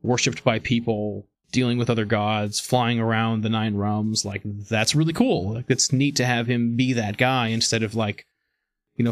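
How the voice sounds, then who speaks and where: A man's voice: mid-range voice, no echo. A man co-hosting a comic book podcast in casual chat, enthusiastic and rambling, often restarting his sentences. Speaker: podcast co-host.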